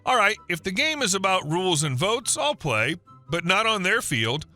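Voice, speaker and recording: A man reading the lines of a calm, quietly determined older grandfather in a storybook narration. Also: high-pitched, soft background music, heavily acted. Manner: calm, measured.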